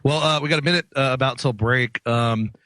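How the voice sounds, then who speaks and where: A man's voice: medium pitch, a little fast, pushed and bright, no echo. A man hosting a radio talk show, upbeat and chatty in casual studio talk. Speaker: host.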